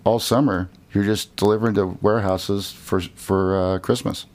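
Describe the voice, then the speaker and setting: A man's voice: on the low side, fairly even intonation, normal speed, a little mellow. A man who is a guest on a casual podcast, speaking bluntly and swearing freely. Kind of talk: casual chat.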